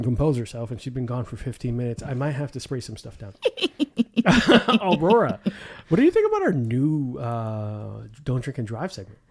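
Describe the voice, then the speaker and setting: A man's voice: mid-range voice, a little mellow. A man hosting a podcast in casual chat, crude and full of swearing and laughter. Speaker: podcast host.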